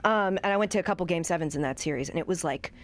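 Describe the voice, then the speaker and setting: Wry woman guest on a sports podcast. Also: lowish voice. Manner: quick, wry, acts out quotes. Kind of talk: casual sports chat.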